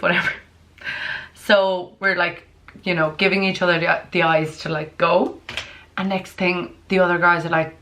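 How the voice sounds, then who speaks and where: A young woman chatting through a storytime vlog from her bedroom, animated and full of "like" and laughter. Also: fairly low pitch, brisk. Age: young adult. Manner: chatty and animated, heavy use of "like", frequent laughs. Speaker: vlogger.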